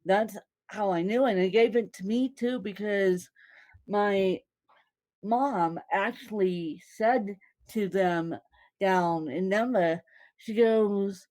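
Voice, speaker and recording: Very slow-talking chatty woman. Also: medium pitch, a little mellow. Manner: chatty, repeats phrases, laughs often. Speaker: content creator. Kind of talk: casual vlog talk to fans.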